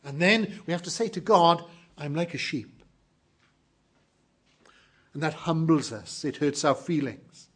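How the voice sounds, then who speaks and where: Husky-voiced man preaching a sermon. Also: a little high, animated, a bit bright. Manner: earnest, emphatic preaching with slow stressed phrases. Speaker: pastor.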